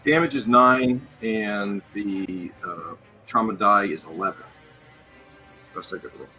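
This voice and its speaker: Low, bright-voiced man playing a tabletop game. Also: takes it slowly, faint music behind, poor audio. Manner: matter-of-fact, hesitant while reading rolls. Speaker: player. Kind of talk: casual tabletop game play.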